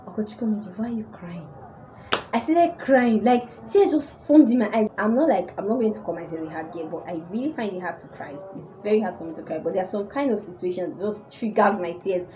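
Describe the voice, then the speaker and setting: A woman's voice: medium pitch, brisk, hardly any pauses, noisy background. A young woman telling a personal story casually to her viewers. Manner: animated storytelling. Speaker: vlogger.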